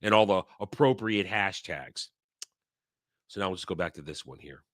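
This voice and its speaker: A man's voice: sits low, moderate pace, no room sound, clean studio sound. A man giving sarcastic, scornful commentary in a rant, often repeating his phrases. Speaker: online commentary host. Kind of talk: ranting commentary.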